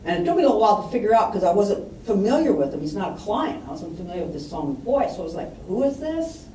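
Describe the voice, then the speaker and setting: A woman's voice: mid-range voice, lively intonation, racing, warm tone, slight background noise. Woman telling stories in an echoey room. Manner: storytelling, acts out quoted voices. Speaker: estate planning speaker. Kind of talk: public talk with anecdotes. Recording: distant mic in roomy hall, faint ambience.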